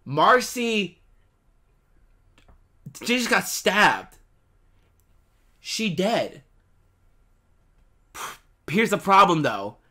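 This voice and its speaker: A man hosting a reaction video, yelling and laughing at a cartoon, then talking it over more calmly. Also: sits high, very slow, long pauses. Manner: excitable, shouting and laughing, then calmer musing. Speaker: reaction channel host.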